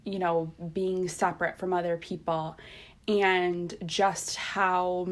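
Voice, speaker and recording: Slow, halting woman in casual chat. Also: fairly low pitch, little pitch movement. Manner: reflective, halting, with many fillers. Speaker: podcast co-host.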